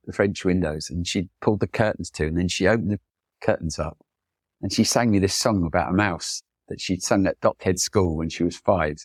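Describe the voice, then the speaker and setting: Man, low voice, rambling anecdotes, acts out quoted people, dry close sound. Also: no room sound. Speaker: photographer, podcast guest. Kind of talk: reflective storytelling in conversation.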